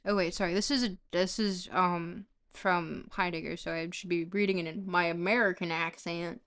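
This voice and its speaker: A woman's voice: on the low side, fairly even intonation, normal speed, hardly any pauses, a bit bright. A tired woman streaming herself reading a book aloud, chatting casually and stumbling over foreign words.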